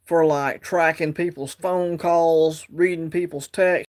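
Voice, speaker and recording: A man talks into his phone on a casual livestream, drawling and wandering from point to point as he answers the chat. His voice sits a bit higher than most men's. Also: fairly even intonation, takes it slowly. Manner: rambling, drawling, reads chat aloud. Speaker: livestream host.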